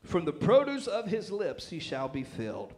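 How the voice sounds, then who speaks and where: A Southern American pastor preaches in a high, light voice. He is folksy and playful, pausing to check in with his listeners and joking his way through his points. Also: wildly swooping pitch, a little mellow. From Southern United States. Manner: folksy, joking, lots of "right?" and laughter. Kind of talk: sermon.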